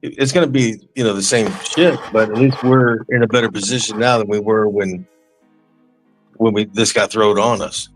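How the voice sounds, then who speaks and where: A man's voice: on the low side, fairly even intonation, normal speed, faint music behind, low-quality recording. A man on a casual chat panel, blunt and matter-of-fact.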